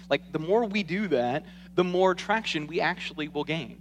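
An animated male pastor delivering a sermon with a notably high voice. He talks conversationally, checking in with "right?" and swinging from emphatic bursts to quiet asides, with a faint noise in the background. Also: moderate pace. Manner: conversational, frequent "right?" tags.

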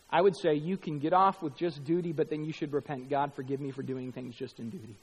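A man preaching a sermon as pastor, animated, dropping to hushed tones and rising to loud emphatic bursts. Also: on the high side, fast, few pauses, slightly rough, big-room sound, rough recording.

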